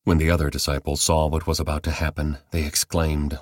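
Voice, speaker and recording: Deep-voiced man reading scripture. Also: level tone, dry recording, studio quality. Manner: measured, deliberate reading. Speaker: Bible reader.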